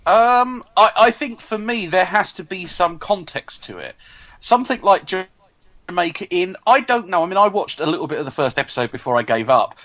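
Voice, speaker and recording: Chatty man, slightly high voice. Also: animated, normal speed, fairly bright tone. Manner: chatty, stumbles over his openings. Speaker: podcast co-host. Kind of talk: casual chat. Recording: dull lo-fi sound.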